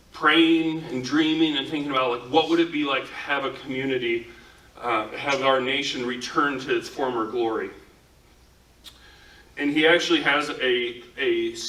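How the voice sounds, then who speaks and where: Bright-voiced man preaching in an echoey room. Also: medium pitch, distant mic. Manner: casual, talks with frequent "like" fillers. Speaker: pastor. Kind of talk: conversational sermon. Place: church. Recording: echoey room, speaker away from mic.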